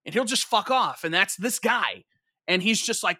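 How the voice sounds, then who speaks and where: A young man with a high, bright, ringing voice talks loosely in casual chat, stringing thoughts together with endless fillers and the odd curse word. The sound is dry and close, with no room around it. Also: expressive, moderate pace, dry recording. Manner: rambling, filler-heavy, swears freely.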